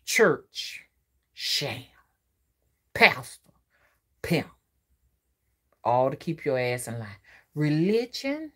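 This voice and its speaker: A woman's voice: deep voice, very animated, drawn-out words, pauses often. A woman, a spiritual reader giving a profane, emphatic ranting monologue and often asking the listener whether they follow. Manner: profane, preachy, emphatic, asks the listener to agree.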